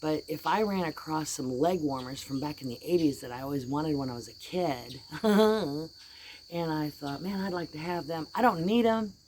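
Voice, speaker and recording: A woman's voice: sits low, lively intonation, moderate pace, a little mellow, slight background noise. A middle-aged woman with an American accent, venting in a rambling, exasperated way in a casual vlog, blunt and swearing freely. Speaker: vlogger.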